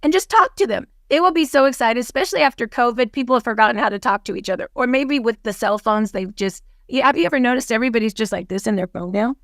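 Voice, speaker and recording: A woman giving a lively coaching talk on a video call, telling stories and acting out the conversations in them. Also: on the high side, quick pace, hardly any pauses, dry recording, studio quality. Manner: lively storyteller who acts out dialogue. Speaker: guest speaker, team leader. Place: home office on a video call. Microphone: video call microphone.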